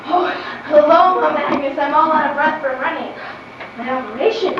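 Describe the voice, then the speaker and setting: A young actress plays an excitable girl who chatters breathlessly. Her high voice comes from a distant stage in a very echoey hall, and the sound is muffled with background noise. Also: moderate pace. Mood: chatty. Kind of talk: school stage play.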